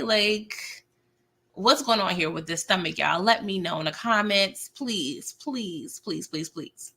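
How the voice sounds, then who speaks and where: A woman's voice: medium pitch, unhurried, bright, forceful tone, slightly rough. A young adult woman recapping a TV episode in a chatty, slangy way, laughing often and talking to viewers as y'all. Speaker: TV recap vlogger. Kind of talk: casual recap talk.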